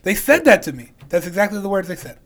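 A man's voice: high-pitched, fast talker, a crowd in the background. A man co-hosting a podcast, telling stories in casual chat and joking at his own expense. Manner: animated storyteller, self-mocking. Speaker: podcast co-host.

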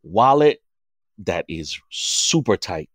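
Animated man telling stories. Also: low-pitched, slow, no room sound, studio quality. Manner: animated storyteller, acts out quotes in a raised voice. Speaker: podcast guest. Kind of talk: casual chat.

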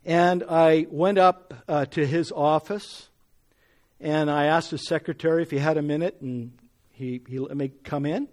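A man's voice: a little high, fairly even intonation, unhurried. A middle-aged man preaching, telling a personal story and building to emphatic scripture reading. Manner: earnest, rising to emphatic when reading scripture.

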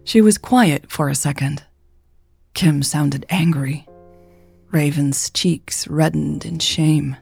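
A woman narrating a romance story in a measured, even way. Her voice is low and husky with a gravelly texture. The sound is close and dry, with faint music underneath. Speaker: podcast author and narrator. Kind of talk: audiobook fiction narration.

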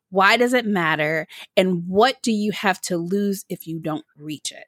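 A woman's voice: medium pitch, a bit bright, no echo, studio quality. A woman from Michigan hosting a podcast interview, chatting casually and drawing on her own stories. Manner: upbeat, reflective, draws on personal stories. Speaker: podcast host.

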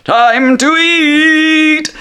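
A man's voice: extremely high pitch, very slow, sharp tone, pitched above the performer's own voice, heavily acted. A man voicing a manic, gluttonous male genie chef who shrieks with glee. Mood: gleeful. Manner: shrieking, gleeful.

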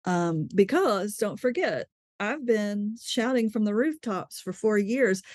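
This woman has a mid-range, slightly mellow, expressive voice and speaks slowly as an interview guest, candidly telling her story in conversation. She laughs easily and often trails off before restarting a thought. The recording is dry and close, with no echo.

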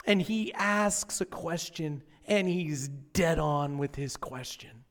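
A male pastor delivers a sermon with a somewhat high voice. He tells the story dramatically, dropping to near-whispers and then building to impassioned, raised passages. The long reverb of a large church hall hangs on every phrase. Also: takes it slowly. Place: church auditorium.

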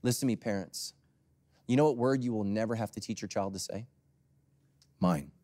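A pastor preaches a sermon conversationally, telling stories and swinging from loud emphasis down to near whispers. His voice is lowish and his pace quick.

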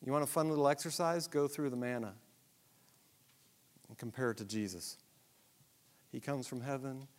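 A man preaching a Bible lesson, animated and self-deprecating, asking the audience many rhetorical questions. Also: mid-range voice, moderate pace, long pauses. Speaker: pastor. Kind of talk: sermon-style Bible teaching.

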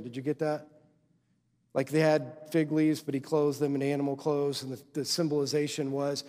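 A male pastor delivers a sermon in a loose, conversational way, tossing "right?" to the congregation again and again. His voice sits a bit high for a man, and a long hall reverb trails his words through the church. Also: darkish tone. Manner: conversational preaching, constant "right?" check-ins. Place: church sanctuary.

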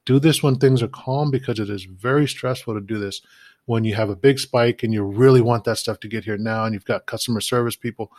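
A man's voice: on the low side, darkish tone, no echo, studio quality. A man giving a practical, conversational talk on scaling product manufacturing, often checking in with the listener. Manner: practical, conversational, frequent "right?" check-ins. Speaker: e-commerce business advisor. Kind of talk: instructional talk.

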